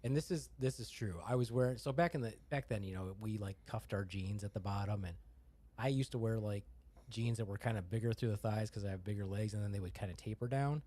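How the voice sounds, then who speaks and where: A man's voice: fairly low pitch, quick pace. A middle-aged man co-hosting a casual podcast, telling a story and acting out the voices in it. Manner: lively storyteller who acts out quoted voices. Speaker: podcast co-host. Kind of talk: casual chat.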